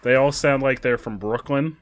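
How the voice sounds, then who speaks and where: A man streaming a game, chatting casually with viewers, excitable and quick with asides. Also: mid-range voice. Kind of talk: casual gameplay chat with viewers.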